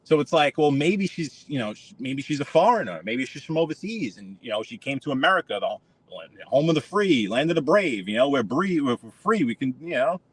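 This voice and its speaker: A man's voice: medium pitch, very animated, a little fast, few pauses, slightly rough, dry recording. A man, ranting sarcastically on a live stream while driving his car. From New York. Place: inside a car.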